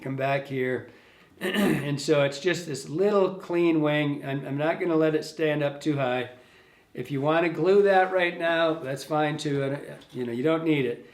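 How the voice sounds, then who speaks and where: A man's voice: on the high side, measured pace. Fly-tying man, chatty, in an echoey room. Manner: loose, thinking aloud, self-correcting. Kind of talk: casual hands-on demonstration.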